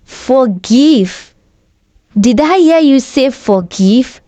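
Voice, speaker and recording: A young woman, abandoned as a child, lashes out in tearful fury. Her voice sits high and dry, acted by a woman narrator at a slow pace. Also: lively intonation, dark tone, no echo, highs cut off, full character voice. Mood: furious. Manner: tearful and furious.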